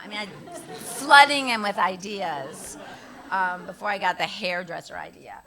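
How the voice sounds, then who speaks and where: On stage at a live Q&A, a middle-aged guest actress tells stories in a casual way, her voice mid-range and her pace normal. She's animated, laughs often, and acts out the voices of people she quotes, while a crowd can be heard behind her.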